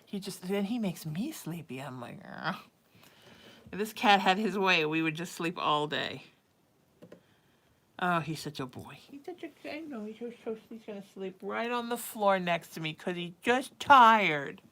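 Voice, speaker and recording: A woman, a psychic medium, chatting casually on a home livestream, doting and often dropping to a hushed murmur. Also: mid-range voice, animated, moderate pace. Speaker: psychic medium hosting a live reading stream. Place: at home with her cat.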